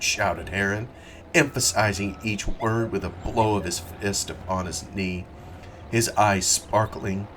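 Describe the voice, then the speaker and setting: Low-voiced man reading a novel aloud. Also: fairly even intonation, unhurried, a bit bright, slight background noise, low-quality recording. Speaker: reader.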